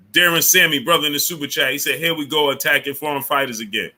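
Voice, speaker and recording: A man's voice: fairly high pitch, fairly quick, pushed and bright. A man hosting a casual live stream, greeting viewers by name and grumbling with indignation about the platform. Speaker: livestream host.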